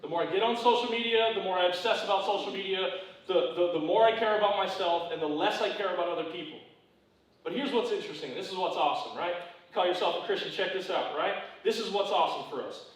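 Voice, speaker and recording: A man preaching a conversational sermon in a church, who repeats his phrases, keeps asking "right?" and drops low and quiet on serious points. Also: quick pace, heavy reverb, far from the mic, poor audio. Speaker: pastor. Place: church sanctuary.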